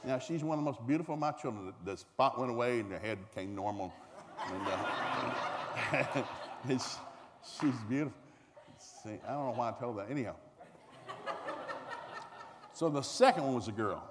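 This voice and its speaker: A man's voice: normal speed, pauses often. Folksy Southern man spinning a comic yarn. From American South. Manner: folksy, animated, acts out voices, climbs high when excited. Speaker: storyteller. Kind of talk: comic storytelling to a live audience. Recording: reverberant hall with faint noise.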